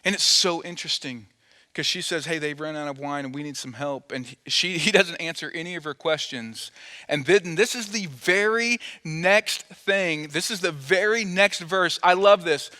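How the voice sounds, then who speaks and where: A man's voice: on the high side, normal speed, sharp tone. A man preaching a sermon as pastor, telling a story playfully and acting out the quoted dialogue. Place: church auditorium. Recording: long hall reverb.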